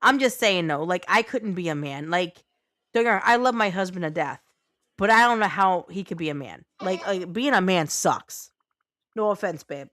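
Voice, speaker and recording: A woman's voice: fairly low pitch, animated, normal speed, fairly bright tone, no echo, studio quality. A woman streaming a game live, talking blunt and unfiltered to her chat and swearing freely.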